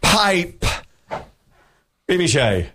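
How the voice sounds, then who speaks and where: A man's voice: sits high, big pitch swings, very slow, very noisy. A man hosting a radio call-in game, joking and reading puzzle clues aloud. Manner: jokey, laughing often, reading puzzles aloud. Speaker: radio show host running a call-in game. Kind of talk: casual radio game banter.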